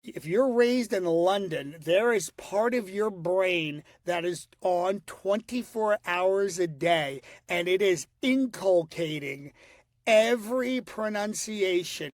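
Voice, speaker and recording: In a dry, clean studio recording, a middle-aged Philadelphian whose voice sits high talks in a nasal Northeast accent. He's an animated voice-impressionist guest in a casual interview, restarting a lot and breaking into fast voices and quotes.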